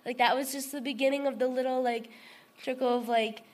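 A woman shares an earnest, emotional personal testimony with a group, rambling with lots of fillers and restarts. Her voice sits high, with fairly even intonation and a brisk pace.

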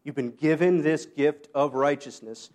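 High-voiced man preaching conversationally. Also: darkish tone. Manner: conversational, self-deprecating asides and quick laughs; rises high when quoting Paul. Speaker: pastor. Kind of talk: sermon.

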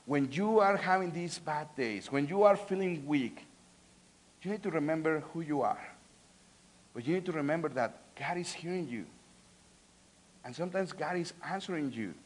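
A man. He swings from loud, pleading outbursts to quiet, earnest tones, often restarting and repeating words as he goes. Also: a little high. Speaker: preacher. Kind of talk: sermon.

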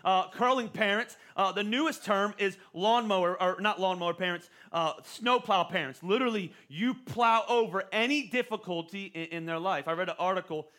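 Bright, high-voiced man preaching. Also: normal speed, hardly any pauses. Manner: conversational, repeats words when starting phrases. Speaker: pastor. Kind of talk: sermon.

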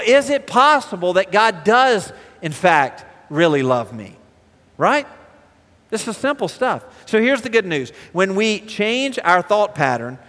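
A man preaching a sermon as pastor, animated, asking the congregation rhetorical questions. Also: very high-pitched, big-room sound.

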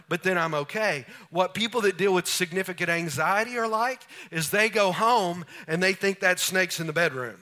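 A man preaching a sermon as pastor, animated, often acting out little scenes for his listeners. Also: on the high side.

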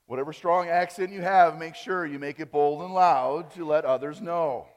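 A man from Wisconsin preaches a sermon from a church stage. His voice sits a bit high for a man, and he swings from emphatic, rising phrases to quiet endings. The church adds a long reverb around every word. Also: normal speed. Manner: emphatic preaching, rising on key phrases and dropping soft at line ends. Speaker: pastor. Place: church sanctuary.

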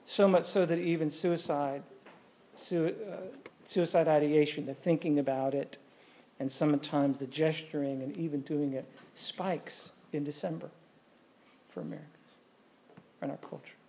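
A man's voice: fairly high pitch, fairly even intonation, normal speed, warm tone. A man preaching a sermon in a conversational way, often asking the congregation questions. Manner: conversational, asks the audience questions. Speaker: pastor.

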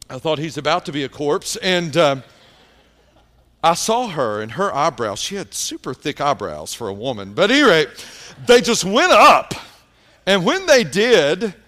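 A male pastor with a fairly high voice preaches a sermon told as a story, shifting between animated retelling and quiet, hushed emphasis.

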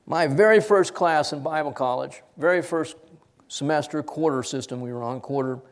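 A man's voice: a little high, moderate pace. A middle-aged man preaching an expository sermon, emphatic, his voice rising and dropping sharply to stress points.

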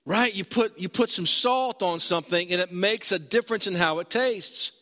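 A man's voice: high-pitched, moderate pace, pushed and bright. A man preaching a sermon, conversational and emphatic, putting questions to his listeners. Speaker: pastor. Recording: long hall reverb.

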